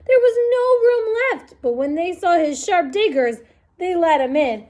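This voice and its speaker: Animated woman reading aloud to kids. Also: sits high, moderate pace. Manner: expressive and animated, with sound effects. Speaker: storytime reader. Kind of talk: children's read-aloud.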